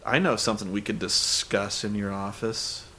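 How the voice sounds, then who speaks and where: A man's voice: fast talker, sharp tone, lightly acted. A man putting on a purring, seductive secretary. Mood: sultry. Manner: low sultry purr. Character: flirtatious woman wrestling secretary, always suggestive.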